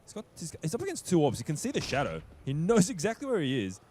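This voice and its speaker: A man calling a competitive shooter match play-by-play, excitable and quick to laugh. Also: fairly high pitch, slight background noise. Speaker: esports play-by-play caster. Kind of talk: fast play-by-play commentary.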